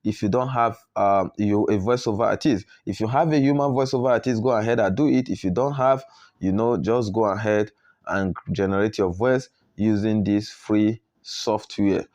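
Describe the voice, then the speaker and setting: A man with a Nigerian English accent walking learners through a software tutorial, often checking in with a rising "okay?". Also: lowish voice, normal speed. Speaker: video editing tutor. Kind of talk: screen tutorial walkthrough.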